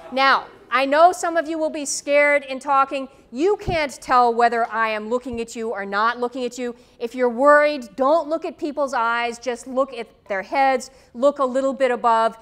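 A woman with a high voice lecturing to a hall through a microphone. She tells stories with lively, anecdotal pacing and checks in with the room with frequent "okay?"s. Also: moderate pace, hardly any pauses. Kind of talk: university lecture. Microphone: tethered microphone.

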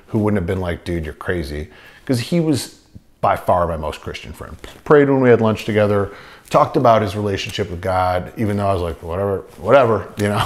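A man tells his conversion story in an earnest, meandering way, circling back and restarting his sentences as he goes. His voice sits a little low for a man, unhurried and plain. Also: a little mellow. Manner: earnest, rambling storytelling with many fillers and restarts. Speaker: testimony speaker. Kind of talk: personal faith testimony.

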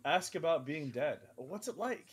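A man co-hosting a gaming stream, talking in animated, casual commentary, swearing and laughing often. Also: fairly high pitch, unhurried, slightly rough.

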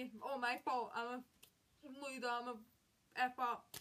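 A young woman in her late teens vents through a storytime rant, her voice sitting a touch high. She retells each clash with emphatic exasperation, leaning hard on the words that annoyed her. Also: steady tone, normal speed, sharp tone. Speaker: vlogger.

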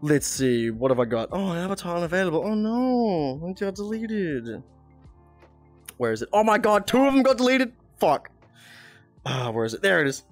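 A streamer chats casually into a headset mic while playing a VR game, giggling a lot and swearing often. The voice is mid-range and sing-song at a moderate pace, with faint music in the background.

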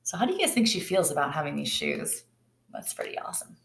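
A woman teacher reading a picture book aloud to her class, lively and engaging as she speaks to the children directly. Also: sits low, quick pace, creaky. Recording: roomy echo.

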